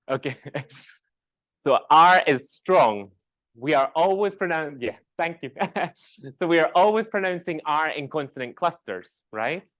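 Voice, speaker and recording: A man with a West Coast Scottish accent lectures a class, his voice sitting a little higher than most men's. He checks in with his listeners through quick tag questions and says example words aloud to show how they sound. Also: fairly bright tone. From west coast of Scotland.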